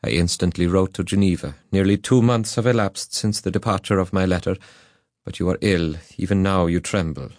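A man voicing a grave, kindly middle-aged magistrate in a measured, formal manner in an audiobook reading. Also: low-pitched, steady tone, a little mellow, dry recording, clean studio sound, lightly acted.

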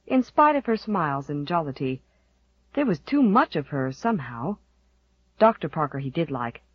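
A woman narrating an audiobook in a gentle, even storytelling manner. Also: lowish voice, slightly rough, dry recording. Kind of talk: scripted narration. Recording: dull, dry, lo-fi recording.

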